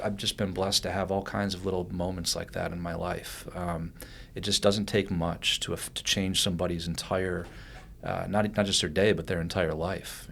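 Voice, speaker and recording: A man with a very low voice tells a long personal story on a podcast. He rambles, restarts his sentences and fills the gaps. A faint rumble sits under the recording. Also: vocal fry. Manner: animated, rambling with restarts and fillers. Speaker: guest.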